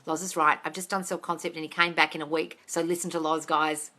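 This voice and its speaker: A woman's voice: low voice, level tone, fairly quick, sharp tone. A woman manifesting coach answering viewer questions on a live stream, blunt and swearing, calling listeners darling.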